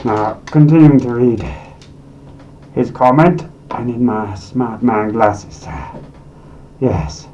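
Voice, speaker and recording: A man playing a paranoid goblin who hosts a comedy web series, ranting in a frantic, conspiratorial way that swings from muttering to shouting. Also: medium pitch, takes it slowly, long pauses, lo-fi sound, a little hiss or hum, close to an everyday voice. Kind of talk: scripted comedic rant to camera.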